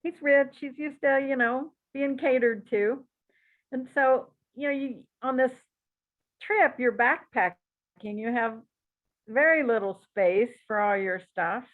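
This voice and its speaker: A woman teaching a psychic class in a relaxed, chatty and encouraging way, with frequent asides. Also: high-pitched, a little slow. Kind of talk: relaxed spoken class talk. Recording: tinny phone-like audio.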